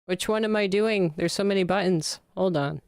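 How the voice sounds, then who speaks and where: A woman's voice: mid-range voice, steady tone, fairly quick, a little mellow, clear, resonant tone, no echo, studio quality. A young adult woman livestreaming games, chatting casually with her viewers and gushing when thanked. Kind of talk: casual gaming livestream chat.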